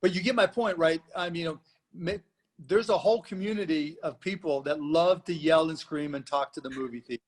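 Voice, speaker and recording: A man talking as a panel guest, his voice sitting a bit high. He speaks animatedly and slips into acting out loud, rowdy audience members. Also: brisk. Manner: animated, acts out shouting moviegoers. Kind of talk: panel discussion.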